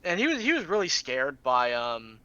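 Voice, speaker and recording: Bright-voiced man recapping a tabletop game. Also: mid-range voice, huge pitch swings, clear, resonant tone, no echo, muffled recording. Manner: halting, many ums and restarts. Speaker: player.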